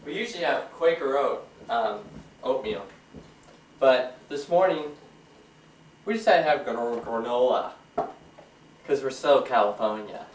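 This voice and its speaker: A man's voice: medium pitch, animated, a little slow, pauses often. A man casually narrating to his own camera in a home kitchen, chatting and joking as he explains each step. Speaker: home video maker. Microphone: built-in mic of a 1994 home camcorder. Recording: roomy, distant, faint hiss.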